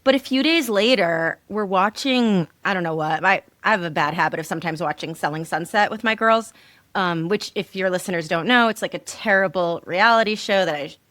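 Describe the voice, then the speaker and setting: A woman comedian, a podcast guest, telling animated stories with laughter and the odd swear word. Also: fairly low pitch, brisk, no room sound. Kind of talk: casual podcast storytelling.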